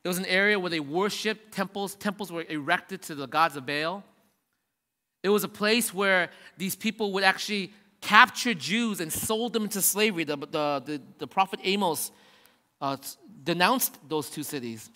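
Male preacher, high bright voice, casual emphatic sermon, long hall reverb. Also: normal speed. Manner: casual, emphatic preaching with many restarts and rising repetitions.

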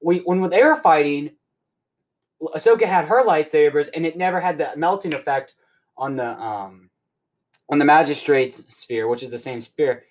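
A young man hosting a podcast, rambling excitedly through a casual recap and swearing often. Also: a little high, normal speed. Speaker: podcast host.

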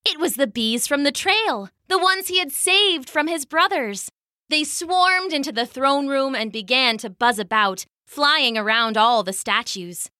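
A woman narrating a children's story in an animated, expressive storytelling manner. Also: high voice, unhurried, no echo, clean studio sound.

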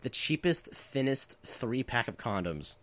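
A man's voice: medium pitch, sing-song, measured pace, fairly bright tone. A man in his twenties telling prank stories in a casual chat, rambling with lots of filler words and laughing as he goes.

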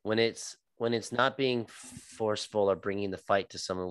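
A man's voice: lowish voice, steady tone, normal speed, few pauses, smooth, no echo, studio quality. A young man co-hosting a podcast, laid-back, announcing the next matchups and agreeing along. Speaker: podcast co-host. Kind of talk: casual fight-talk podcast chat.

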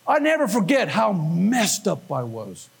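A man preaching with a husky, high-pitched voice. He keeps the sermon lively and swings his pitch all over, acting out little voices and quotes as he goes. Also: measured pace. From Northern California. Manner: animated, acts out voices and quotes. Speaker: pastor.

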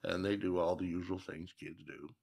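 A man's voice: low voice, fairly even intonation, moderate pace, vocal fry, a little mellow. A man from Minnesota, a guest telling stories in a casual interview, reflective and folksy with emphatic repeats.

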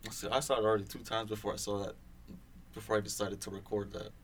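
A man's voice: on the low side, level tone, fast talker, a little hiss or hum. A young man co-hosting a podcast, chatting casually, rambling with lots of fillers and swearing. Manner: rambling, swears a lot, many fillers and restarts. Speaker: podcast co-host. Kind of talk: casual chat.

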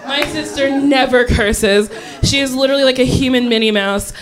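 A woman's voice: sits high, steady tone, a little fast, background noise. Laughing woman telling a comic story. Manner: laughs often while talking. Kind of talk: comedic storytelling.

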